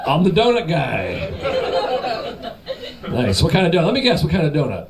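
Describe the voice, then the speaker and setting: A man doing stand-up crowd work on a club stage, his voice fairly high and swinging widely up and down as he rambles and teases the crowd. Audience laughter rolls in underneath throughout the live recording. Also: wildly swooping pitch, normal speed, vocal fry. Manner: loose, rambling, teasing the audience. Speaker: stand-up comedian.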